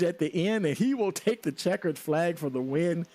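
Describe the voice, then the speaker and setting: Excitable higher-voiced male race caller. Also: normal speed, few pauses. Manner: excitable, rising sharply at big moments; loose, many filler words. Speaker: race commentator. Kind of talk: live sim racing commentary.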